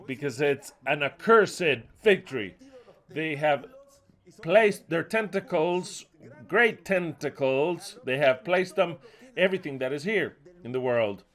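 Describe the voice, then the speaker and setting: Fiery profane preacher. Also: male voice, fairly high pitch, animated, measured pace. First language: Spanish. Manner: fiery and profane, cursing loudly. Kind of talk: impassioned sermon.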